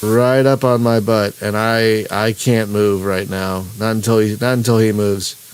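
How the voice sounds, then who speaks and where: A man's voice: on the low side, flat delivery, measured pace, clean tone. Rambling man narrating his gameplay. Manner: rambling, self-interrupting, chuckling. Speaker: gaming channel host. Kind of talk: live-streamed gameplay commentary.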